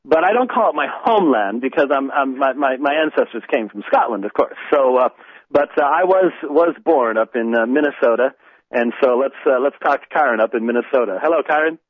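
A man's voice: medium pitch, expressive, a little fast, no echo. An American man hosting a call-in talk show, chatting casually and rambling with many fillers and restarts. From United States. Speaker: radio show host. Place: indoors in a home in north London. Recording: dry tinny phone-like line.

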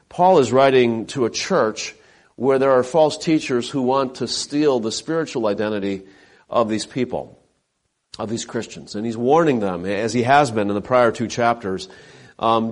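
Male pastor, sermon delivery, earnest and measured, average pitch, frequent fillers.

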